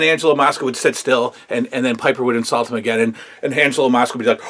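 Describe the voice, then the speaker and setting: Guy rambling through a wrestling recap, lots of uhs and likes, blunt opinions, average pitch. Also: fast, few pauses, a bit bright. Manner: rambling, filler-heavy, opinionated. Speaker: wrestling history show host. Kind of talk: casual review commentary.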